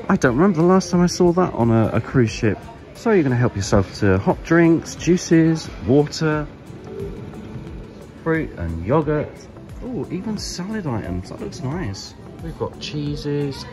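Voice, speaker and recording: A man hosting a casual travel vlog, chatty and enthusiastic, often dropping to a whisper. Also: medium pitch. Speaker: travel vlogger. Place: walking outdoors and aboard a moored ship.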